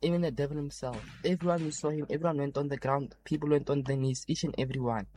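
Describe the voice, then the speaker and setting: A man's voice: a little high, steady tone, fast talker, a little mellow, slight background noise. A man earnestly recounting a vision as a personal testimony, repeating key points for emphasis.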